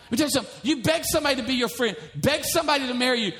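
A man's voice: very high-pitched, racing, few pauses, fairly bright tone. A male pastor preaching a sermon in a church, emphatic, with many repeated rhetorical questions.

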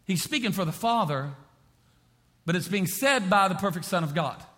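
A man preaching a sermon as pastor, repeating phrases and swinging from quiet to impassioned. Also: high voice, animated, moderate pace.

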